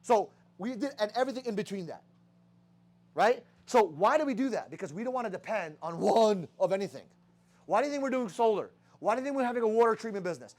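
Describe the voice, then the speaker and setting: A young man leading a sales team, giving a profane motivational talk full of rhetorical questions. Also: very high voice. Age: young adult. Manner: rhetorical questions, heavy swearing.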